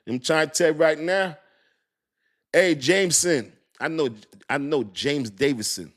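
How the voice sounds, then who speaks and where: Hosting a crypto livestream, this man speaks a little high and a little slowly. He keeps things loose with his audience, reading comments aloud, joking, laughing often, and fumbling for words as he goes.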